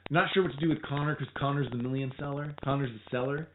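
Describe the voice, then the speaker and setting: A man's voice: mid-range voice, quick pace. Guy rambling about sports on a podcast, keeps restarting, sounds like a phone line. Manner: rambling, animated, restarts often. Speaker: podcast co-host. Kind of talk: casual sports chat. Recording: tinny phone-like line with faint noise.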